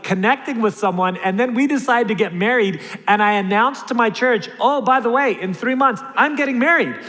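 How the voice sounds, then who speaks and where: Man, pastor, sermon, personal stories, joking, high voice, echoing church hall. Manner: storytelling with humor, animated pitch swings. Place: church sanctuary.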